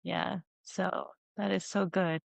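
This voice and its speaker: A woman hosting a podcast, telling a personal story in a casual, animated way and acting out the dialogue. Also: lowish voice, slow, creaky, no room sound. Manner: animated, acts out quoted dialogue with lots of "you know". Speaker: podcast host.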